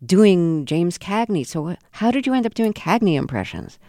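Lively-voiced woman interviewer. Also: on the low side, normal speed, no echo, studio quality. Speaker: radio interviewer. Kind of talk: interview questions.

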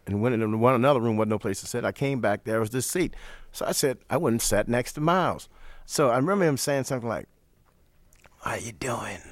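An older man from St. Louis, telling stories as an interview guest in a relaxed manner, repeating phrases. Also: mid-range voice, no room sound. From St. Louis, USA. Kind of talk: storytelling in an interview.

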